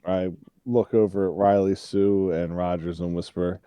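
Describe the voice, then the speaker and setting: A man playing a tabletop role-playing game who jumps into loud, theatrical in-character lines. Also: low-pitched, level tone, moderate pace, clean tone, dry recording. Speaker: player.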